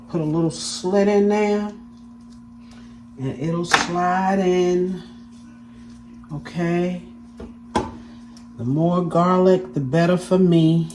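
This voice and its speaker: A woman's voice: fairly low pitch, mellow, a little hiss or hum. Chatty woman cooking at home. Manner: chatty, checks in with the viewers often. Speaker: cooking channel host. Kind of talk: casual cooking demonstration. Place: home kitchen.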